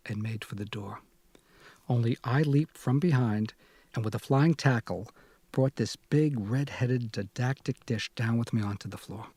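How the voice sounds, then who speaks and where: A man's voice: mid-range voice, normal speed, breathy edge, dry recording. A man narrating a literary novel as an audiobook, wry, self-mocking and confessional, read close to the mic. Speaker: audiobook reader.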